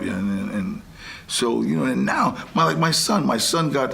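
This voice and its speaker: Gravelly older man telling lively stories. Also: mid-range voice, moderate pace. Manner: rambling, animated, acts out quotes. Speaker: guest. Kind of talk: casual storytelling.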